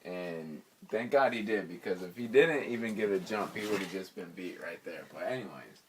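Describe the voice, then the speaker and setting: A young man with a low voice tells his friends a casual story in slangy, animated talk, often laughing mid-story. He speaks at a normal speed, picked up by a distant mic with a little hiss or hum.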